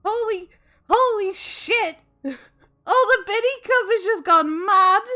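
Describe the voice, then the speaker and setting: Young woman streamer, really high voice, talks slow, gushy, faint music behind. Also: pushed and bright. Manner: effusive, squeals and exclaims in shock. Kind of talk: casual live-stream chat thanking viewers.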